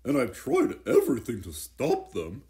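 Guy doing a hiccupy little bird, loud and blurty, kinda gravelly and dark. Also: medium pitch, wildly swooping pitch, moderate pace. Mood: complaining.

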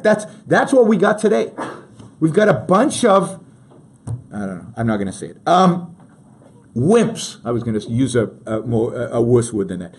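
A man's voice: medium pitch, sing-song, moderate pace, a little mellow, breathy edge. A man hosting a talk show, giving emphatic political commentary and addressing his listeners directly, often restarting his sentences.

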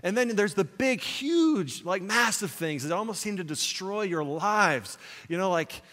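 Lively preacher man in an echoing church. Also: sits high, measured pace. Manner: animated storytelling, retells film scenes with quoted lines. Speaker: pastor. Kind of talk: sermon. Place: church sanctuary.

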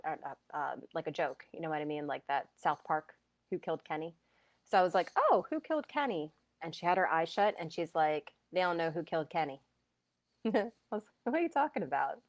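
A woman healer telling a personal story in a chatty, animated way, with many fillers and quoted asides. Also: low voice, no room sound. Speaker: energy healer and medium. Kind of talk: casual live-stream storytelling.

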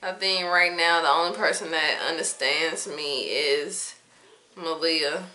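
A woman speaking softly and reflectively in a candid, confessional monologue to her viewers. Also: sits low, steady tone. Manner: soft-spoken, slow and reflective. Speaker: vlogger sharing personal reflections. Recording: roomy echoey room.

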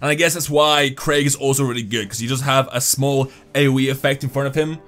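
A young man commenting on his own mobile game matches, excitable, swinging between hype and grumbling and swearing when things go wrong. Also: medium pitch, fast. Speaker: gaming YouTuber. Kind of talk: gameplay commentary. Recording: faint music behind.

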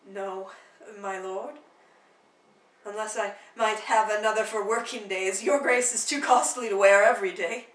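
A woman's voice: medium pitch, steady tone, roomy sound, distant mic, close to an everyday voice, low-quality recording. Woman reading as a teasing, witty noblewoman. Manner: quick, teasing banter. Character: witty, sharp-tongued noblewoman, mocking suitors. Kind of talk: dramatic play reading. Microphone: phone livestream.

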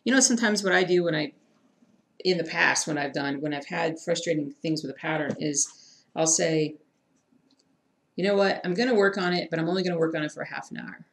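A woman's voice: deep voice, fairly quick, creaky. A woman chatting casually with her viewers while she stitches, reading their comments and muttering to herself as she hunts for thread. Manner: chatty, self-deprecating, talks to chat, mutters to herself. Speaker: cross-stitch streamer. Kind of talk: casual live-stream chat while stitching.

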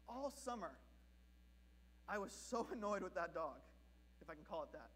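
A man from Southern California preaching a sermon as pastor, telling a story in an animated, comic way. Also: high voice, measured pace.

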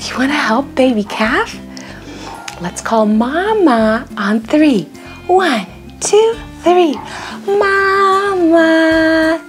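High, lively woman singing to toddlers. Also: soft background music. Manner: sing-song, exaggerated, slow and clear for toddlers. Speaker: children's video host. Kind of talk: toddler learning video with songs and pretend play.

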